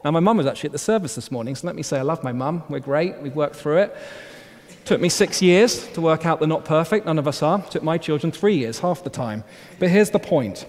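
A man's voice: fairly high pitch, expressive, fairly quick. Earnest male pastor preaching in a hall. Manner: earnest exhortation, trailing to quiet emphatic phrases. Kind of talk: sermon. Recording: long hall reverb.

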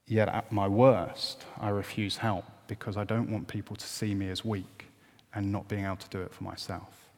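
A man's voice: on the low side, flat delivery, normal speed, darkish tone. A man preaching a sermon, earnest and at times emphatic. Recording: long hall reverb.

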